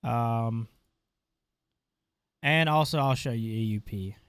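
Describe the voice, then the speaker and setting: Here a gaming channel host speaks slowly at a medium pitch, his tone clean and the recording dry. He's stuffy and congested, talking offhandedly while clicking through settings in a casual screen-recorded tutorial.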